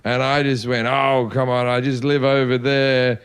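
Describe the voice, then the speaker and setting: A comedian telling rowdy stories on a podcast, animated and swearing freely. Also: male voice, mid-range voice, measured pace, smooth. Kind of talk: casual podcast chat.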